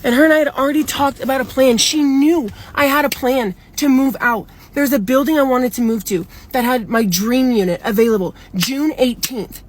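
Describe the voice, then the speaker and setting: A woman's voice: high-pitched, normal speed, few pauses. A young woman telling a storytime in a casual, upset and rambling way, swearing a lot. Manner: upset, rambling, heavy swearing, many "like" fillers.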